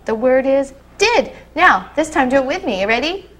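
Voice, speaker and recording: A woman teaching a small group of kindergarteners to read words, giving brisk prompts and quick praise. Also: high voice, sing-song, fairly bright tone. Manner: encouraging, brisk, with frequent praise. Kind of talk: classroom instruction. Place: classroom.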